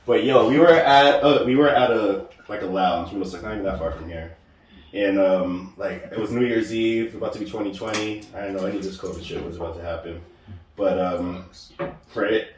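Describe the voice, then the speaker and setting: Man, 30s, podcast co-host, animated storyteller, low voice, heavy room echo, faint background noise. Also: fairly quick, far from the mic. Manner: animated storyteller, laughs often. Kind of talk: casual chat.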